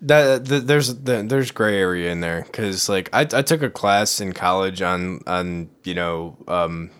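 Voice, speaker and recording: A young man talks casually in a somewhat low voice. He stops and restarts often and works his way to each point. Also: expressive, fairly bright tone, smooth. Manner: halting, many restarts, swearing. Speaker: podcast co-host. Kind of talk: casual chat.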